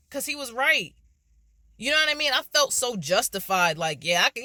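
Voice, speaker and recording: A woman vlogger telling a personal faith story in casual, animated speech, acting out her own reactions. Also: on the high side, moderate pace, no room sound.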